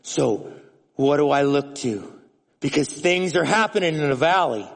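A man preaching a sermon in an animated way, often restarting words and swinging between loud, emphatic lines and hushed ones. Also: on the high side, unhurried, vocal fry, long reverb tail. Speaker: pastor.

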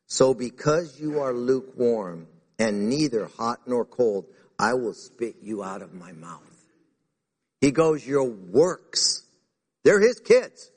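A man preaching a sermon to a church congregation in an animated way, acting out the words he quotes. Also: medium pitch, slow pace, breathy edge. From United States. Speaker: pastor. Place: church sanctuary. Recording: reverberant hall.

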